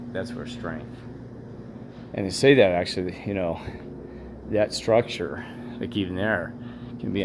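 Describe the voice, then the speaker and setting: Low-voiced man rambling through an old hotel. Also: background noise. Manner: musing, talks to himself while exploring; calls out commandingly to a spirit. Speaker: paranormal investigator vlogger. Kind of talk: rambling walk-through commentary.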